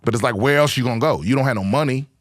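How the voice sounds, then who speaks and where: A man's voice: mid-range voice, racing, no echo, clean studio sound. A man hosting a podcast, delivering a profane, rambling comic rant in a casual monologue. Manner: rambling, restarts often. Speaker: podcast host and comedian.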